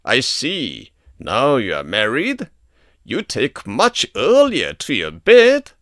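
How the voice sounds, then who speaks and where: A man's voice: medium pitch, huge pitch swings, slow pace, a bit bright, no room sound, exaggerated voice. A curt, suspicious policeman, voiced by a male narrator who barks short questions and orders. The tone is clipped and the recording is dry.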